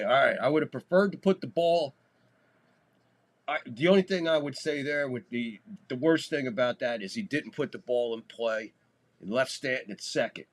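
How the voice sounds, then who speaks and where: A man hosting a live baseball stream, giving casual play-by-play, talking loosely and swearing freely. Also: medium pitch. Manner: loose, talky, swears freely, gets loud on big plays. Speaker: host doing live baseball commentary.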